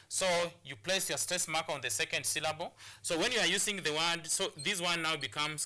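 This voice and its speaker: A man teaching a televised English lesson in a very bright, ringing voice, pitched a little high. He drills each point by repeating it, with frequent restarts and fillers. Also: normal speed. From Kenya. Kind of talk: classroom lesson on a TV show.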